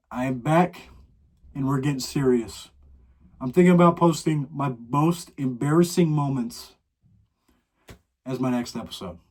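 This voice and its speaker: A man's voice: mid-range voice, darkish tone. A teenage boy from Ohio hosting his own podcast, ranting with dramatic, exasperated complaints. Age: teens. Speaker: podcast host. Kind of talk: solo podcast rant.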